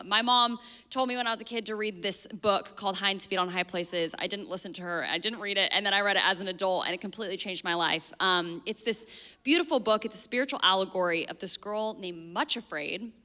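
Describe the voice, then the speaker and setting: Young female speaker, earnest reflective tone, bright edge, big hall reverb. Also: medium pitch, fairly quick. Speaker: guest speaker. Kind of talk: sermon. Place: church stage before an audience. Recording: long reverb in a large hall.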